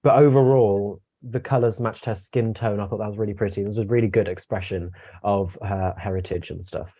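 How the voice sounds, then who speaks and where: A man's voice: on the low side, steady tone, brisk, warm tone, highs cut off. A young man giving his views in a casual review chat, chatty and opinionated, with stammering restarts. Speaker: co-host guest.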